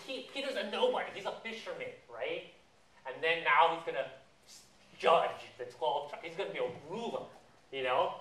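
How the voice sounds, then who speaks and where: Male pastor, chatty storytelling sermon, bright tone, distant echoey church hall sound. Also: a little high, animated, brisk. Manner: conversational, storytelling with asides and quoted voices.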